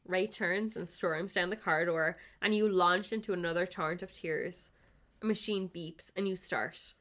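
A woman's voice: on the low side, fairly even intonation, moderate pace, a bit bright. A woman podcast host giving a comic reading of fan fiction, narrating the scenes between bursts of laughter. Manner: reads narration, breaks into laughter.

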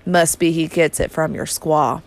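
A woman reading the lines of a furious, bigoted man with a gravelly, ash-rough voice and a contemptuous, spitting manner. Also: low voice, level tone, measured pace. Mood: sneering. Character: bigoted, furious white man, scheming and menacing.

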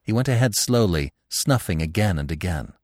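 A man with a very deep voice narrates a classic tale, letting his pitch rise and fall widely. He tells the story expressively, and the recording is dry and close. It is an audiobook reading. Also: expressive, moderate pace, darkish tone, no echo.

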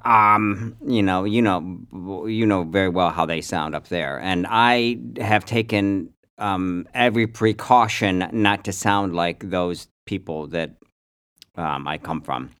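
Low-voiced guy w faint upstate new york accent, wry and grumbly, chatting on a podcast. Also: takes it slowly, fairly bright tone, smooth. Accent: upstate New York, softened. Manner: wry, rambling, mock-grumpy. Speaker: podcast co-host. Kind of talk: casual podcast chat.

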